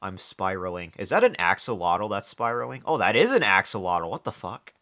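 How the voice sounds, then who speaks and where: A man's voice: lowish voice, big pitch swings, brisk, sharp tone. A man live-streaming, chatting casually with viewers, joking, swearing and often restarting his sentences. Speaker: livestreamer reading chat.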